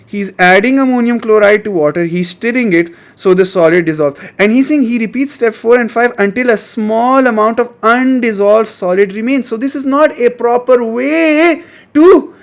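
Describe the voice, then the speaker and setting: Male chemistry tutor, high voice, keeps prodding the class for answers. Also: creaky. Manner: coaxing, repeats questions to students. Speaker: chemistry teacher. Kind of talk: online exam-prep lesson.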